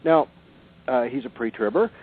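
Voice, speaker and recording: A man's voice: medium pitch, animated, normal speed. Older male radio guest, earnest storyteller, heard down a tinny phone line. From Southern California. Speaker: author and researcher guest.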